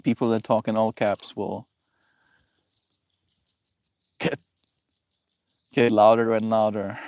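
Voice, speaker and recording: A man's voice: on the low side, level tone, slow pace, pauses often, darkish tone, dry recording. A man hosting a livestream who chats casually with viewers, rambling and reflective and laughing often. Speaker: livestream host.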